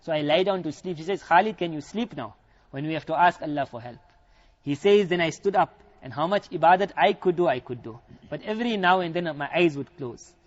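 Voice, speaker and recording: A man with a South African accent preaches a storytelling sermon, retelling a tale full of quoted dialogue. His voice is fairly high, animated, and brisk, captured in a dull lo-fi recording.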